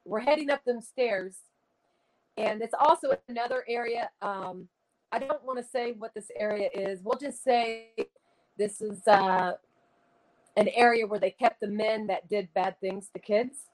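A woman's voice: medium pitch, a little slow, low-quality recording. A middle-aged woman, a medium telling a ghost-hunting story in casual conversation. She talks earnestly and dramatically, with many "you know" fillers.

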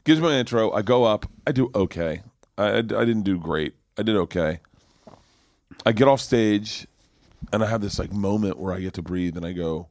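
A middle-aged male comedian tells a story in loose, animated chat, tripping over restarts and swearing freely. His voice sits a little low, and it is recorded close and dry with no room sound. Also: normal speed, no echo. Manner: rambling, profane, animated storyteller with many restarts. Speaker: comedian guest.

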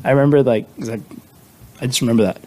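A man co-hosting a casual podcast, telling stories in a slangy, animated way. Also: mid-range voice. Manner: rapid, animated, slangy storytelling. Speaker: podcast co-host. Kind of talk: casual chat.

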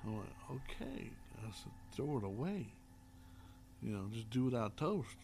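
A man, a paranormal investigator guest, telling drawn-out, folksy anecdotes in casual chat with many pauses and hesitations. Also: mid-range voice, sing-song, creaky, very noisy. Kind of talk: casual storytelling.

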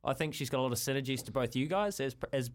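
Articulate Kiwi man setting up a segment. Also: mid-range voice. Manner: measured and articulate, explains at length. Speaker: radio host. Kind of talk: radio talk segment.

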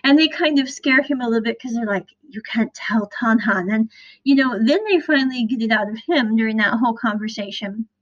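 Woman from the Midwest, podcast host, chatty recap, higher voice, dull lo-fi sound. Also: quick pace. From American Midwest. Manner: chatty, animated retelling with quoted lines. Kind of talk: casual recap monologue. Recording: dull lo-fi recording.

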